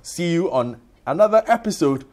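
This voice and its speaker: A man's voice: a little high, expressive, moderate pace, a little mellow, a little hiss or hum. Polite male TV interview host.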